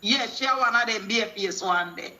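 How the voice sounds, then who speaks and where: This caller is a middle-aged Jamaican woman on a talk show, offering a preachy testimony full of scripture and acted-out patois dialogue. Her voice sits on the high side, bright and forceful, at a moderate pace.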